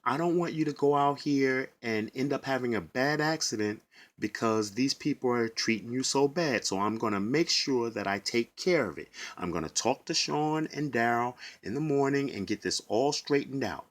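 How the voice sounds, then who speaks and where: Calm union rep woman, as a man puts her on, earnest, soothing, slightly raised voice, plain middle pitch. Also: normal speed, natural voice. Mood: reassuring. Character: reassuring female union representative.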